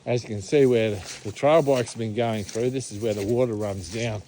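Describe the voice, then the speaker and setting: A man's voice: fairly low pitch, normal speed, slight background noise, low-quality recording. An older man with an Australian accent, chatting casually as he walks through the bush, a little out of breath after a steep climb. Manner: chatty, laid-back, hushed when near wildlife. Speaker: vlogger on a bush walk. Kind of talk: casual walking commentary. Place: outdoors in the bush.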